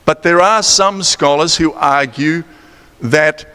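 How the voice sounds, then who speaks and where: A man's voice: on the high side, slow, bright, forceful tone, clear, resonant tone. A man with a New Zealand accent preaching a sermon in a chatty, playful way, quizzing the congregation and adding teasing asides. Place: church sanctuary. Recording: long church hall reverb.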